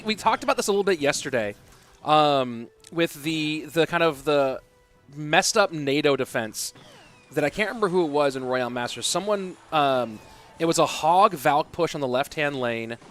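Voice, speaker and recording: A man in his thirties casting an esports stream, his voice sitting a touch high. He talks in a loose, conversational way and thinks aloud as he answers viewers. Quiet music plays underneath. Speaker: esports caster. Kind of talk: casual stream chat reading viewer questions.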